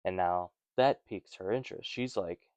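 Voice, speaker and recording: A man's voice: deep voice, normal speed, darkish tone, clean tone, no echo, muffled recording. A man hosting a casual Bible study, reading passages and commenting with wry, rambling asides.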